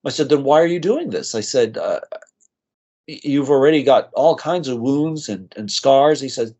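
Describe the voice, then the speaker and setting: A man's voice: mid-range voice, expressive, normal speed, a little mellow. A man, a nurse practitioner, telling emotional stories earnestly in a podcast interview, with frequent restarts. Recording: slightly dull lo-fi audio.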